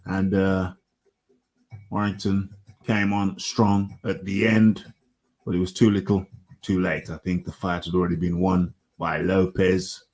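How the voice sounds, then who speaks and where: A man's voice: sits low, level tone, a little slow, a little mellow. A middle-aged man, hosting a casual solo fight recap and rambling, repeating himself and chuckling. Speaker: host of a combat sports radio show.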